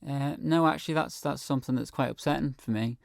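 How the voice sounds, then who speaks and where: A man's voice: mid-range voice, fast talker, gravelly, no room sound, studio quality. A man speaking as a guest in a radio interview, earnest and hesitant, with many ums. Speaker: guest, hospital patient. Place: radio studio.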